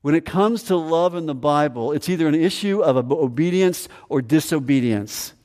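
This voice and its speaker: A man's voice: a little high, normal speed, a little mellow, long reverb tail. A man preaching a sermon as pastor, emphatic, repeating phrases and asking the congregation questions. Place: church sanctuary.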